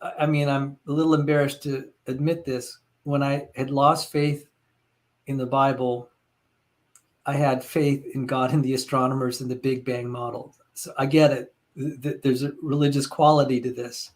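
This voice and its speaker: A man's voice: mid-range voice, level tone, moderate pace. A man hosting a casual online chat, telling stories animatedly and quoting other people. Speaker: channel host.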